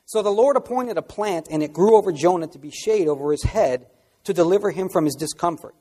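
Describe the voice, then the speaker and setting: A man preaching a sermon as pastor, swinging from quiet asides to loud, impassioned outbursts. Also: high-pitched, lively intonation, a little fast, in a large hall.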